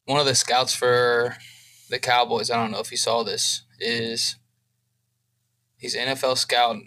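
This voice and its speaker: Young male co-host, emotional rambling chat, bright tense tone. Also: medium pitch, little pitch movement, measured pace, poor audio. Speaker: podcast co-host. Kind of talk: casual chat.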